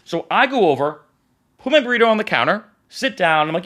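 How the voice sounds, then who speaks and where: A man's voice: high-pitched, quick pace. A young man telling a story in a casual vlog, acting out the dialogue as he goes. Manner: animated, acts out the dialogue. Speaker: vlogger.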